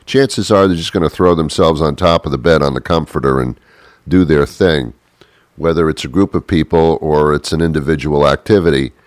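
Low-voiced rambling man, dry sound. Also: no echo. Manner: chuckling, self-interrupting, animated impressions. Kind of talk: rambling comic monologue.

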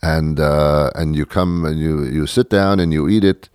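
A man's voice: a bass voice, fairly even intonation, a little slow, a little mellow, smooth, no echo, studio quality. A man hosting a podcast, talking in a rambling, sarcastic comedic monologue that often stops and restarts. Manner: rambling, self-interrupting, sarcastic. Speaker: podcast host.

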